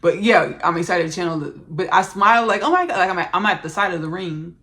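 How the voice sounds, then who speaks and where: A woman hosting a spiritual podcast, channeling and recounting spirit messages in an effusive, repetitive way with soft murmured thanks. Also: fairly low pitch, fast.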